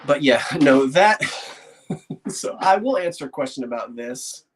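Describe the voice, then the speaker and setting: Antiques dealer, male, excitable vlogger, chatty and prone to laughing. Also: mid-range voice, a little slow. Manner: chatty, excitable, laughs often, talks to himself. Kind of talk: casual vlog talk to viewers.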